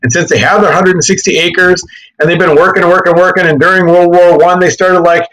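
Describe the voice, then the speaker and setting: History teacher, male, slightly higher voice, animated, quips and self-corrections. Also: fast talker, low-quality recording. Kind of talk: classroom history lecture.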